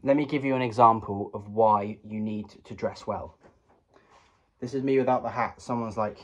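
Husky young British man, rambling jokes. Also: mid-range voice, moderate pace. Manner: rambling, self-mocking, deadpan asides. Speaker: comedy vlogger. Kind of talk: joking tutorial vlog.

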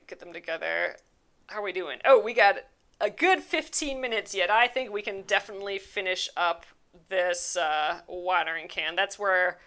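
A woman's voice: on the low side, sharp tone. A young woman hosting a live embroidery stream, chatting casually and rambling through viewer questions with fillers, restarts and easy laughs. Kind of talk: casual live crafting chat, answering viewer comments.

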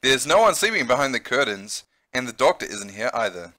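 A man's voice: medium pitch, big pitch swings, fairly quick, pushed and bright, no echo. A man with a New Zealand accent who teaches English, reading a visual novel aloud and chatting in a teacher's explaining way.

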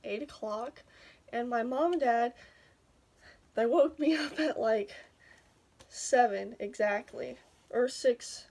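A woman's voice: fairly high pitch, slow, long pauses, darkish tone. A woman vlogging to camera in casual chat, telling a rambling story with frequent giggles.

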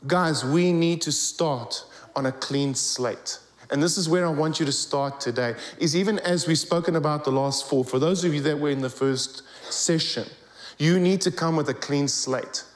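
Animated preacher man in an echoey hall. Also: on the high side, normal speed. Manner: animated storytelling, rising emphasis. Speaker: guest preacher. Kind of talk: sermon. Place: church hall.

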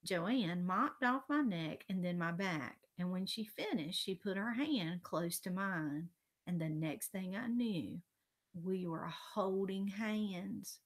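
A woman reading a children's chapter book aloud, expressive and sometimes dropping to a hush. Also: mid-range voice, takes it slowly. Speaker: reader.

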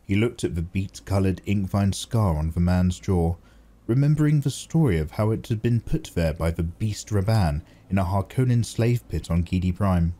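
A man narrating a novel in a steady audiobook reading. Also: low voice, moderate pace. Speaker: audiobook reader.

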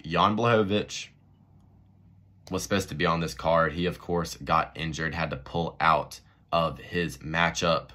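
Low-voiced man ranting bluntly, bright tone. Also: a little slow. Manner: blunt, profane, animated ranting. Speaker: MMA commentary vlogger. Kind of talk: casual rant to camera.

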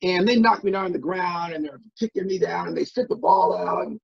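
A middle-aged man from Minnesota telling stories as an interview guest, animated and full of restarts and fillers. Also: sits high, fairly quick, vocal fry, slightly rough. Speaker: guest, former football player. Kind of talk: casual interview storytelling. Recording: dull lo-fi audio.

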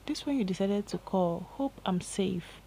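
A Nigerian woman voicing Emma, a calm, patient young man who reassures the woman he loves. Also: medium pitch, measured pace, slight background noise.

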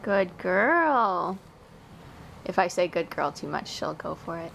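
A woman's voice: low voice, little pitch movement, a little fast, creaky, slight background noise, poor audio. A woman vlogging, talking playfully to her dog in a sing-song baby-talk voice.

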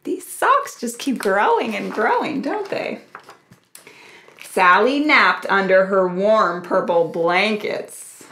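Brief: children's librarian woman, bright lively storytime reading, slow and animated, in a roomy, echoey space. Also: medium pitch, slight background noise. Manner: slow, expressive, asks the children questions.

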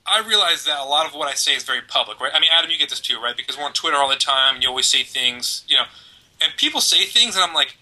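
A man's voice: a little high, animated, fast, bright, forceful tone, low-quality recording. A man co-hosting a parenting podcast, rambling and joking with many fillers as he hands out giveaways. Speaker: podcast co-host. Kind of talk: casual chat, giving away prizes.

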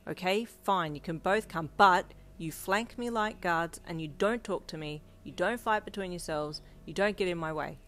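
A woman's voice: fairly low pitch, moderate pace, few pauses, fairly bright tone, close to an everyday voice. Woman reading a defiant, fed-up young woman. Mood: bossy. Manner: defiant, snappy. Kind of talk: fan audio story reading.

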